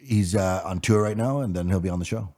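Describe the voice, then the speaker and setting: A man hosting a casual podcast chat, talking in halting bits with many fillers and trailing off. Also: low-pitched, mellow. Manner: hesitant, filler-heavy, trailing off. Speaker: podcast host.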